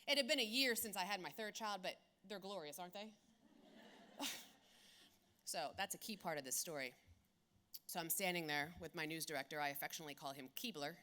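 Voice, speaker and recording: A woman in her forties from South Philadelphia, telling stories in a keynote talk in an animated, blunt, profane way. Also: on the low side, fairly quick, pauses often. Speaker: keynote speaker. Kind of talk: comedic storytelling keynote.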